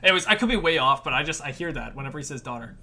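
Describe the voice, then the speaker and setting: Lively high-voiced male podcast host. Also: very fast, a little hiss or hum. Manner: jokey, laughs often, repeats a catchphrase. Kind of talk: casual podcast chat.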